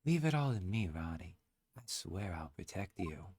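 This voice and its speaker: A man's voice: deep voice, big pitch swings, moderate pace, darkish tone, husky, no echo, clean studio sound, heavily acted. A man voicing a doting wife in a game with a cooing, put-on French flair. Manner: cooing, sweet-talking, fake French.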